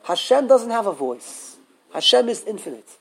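A man teaches a live Torah class in a high, husky voice with vocal fry, keeping a moderate pace. He's lively, peppers the students with questions, and often restarts his sentences.

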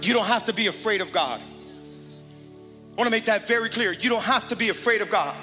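A middle-aged man preaching a sermon as pastor, emphatic and energetic, calling out to the congregation. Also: sits high, moderate pace. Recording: long hall reverb with music underneath.

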